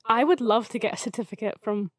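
A woman's voice: a little high, quick pace. A young woman co-hosting a podcast, teasing and playful in casual chat. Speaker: podcast co-host.

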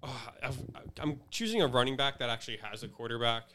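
Bright, clear-voiced podcast host. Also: male voice, medium pitch, quick pace. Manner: loose, swears freely, runs the segment. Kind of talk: casual sports chat.

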